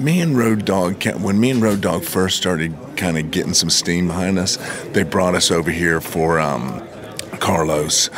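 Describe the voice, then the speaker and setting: A man, a wrestler guest, telling old stories in a laid-back, easygoing way. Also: sits low. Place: backstage at a wrestling show. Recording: loud crowd noise behind.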